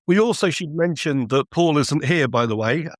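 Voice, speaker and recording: A man's voice: fairly high pitch, lively intonation, moderate pace, dry recording. A man co-hosting a privacy podcast, talking in casual chat with a dry, wry humor. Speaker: podcast co-host.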